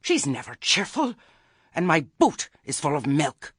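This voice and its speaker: A man voicing a flustered rustic farmer who talks loudly and indignantly in an audiobook reading. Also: on the high side, huge pitch swings, unhurried, breathy edge, no room sound, clean studio sound, voice pushed up, heavily acted. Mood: agitated. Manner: loud, agitated and indignant.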